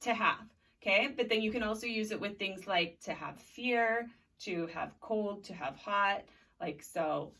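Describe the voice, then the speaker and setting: A woman's voice: mid-range voice, measured pace, a bit bright, recorded from a distance. A woman in her thirties, a teacher leading a recorded video lesson, drilling words and prompting students to repeat after her. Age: 30s. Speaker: Spanish teacher.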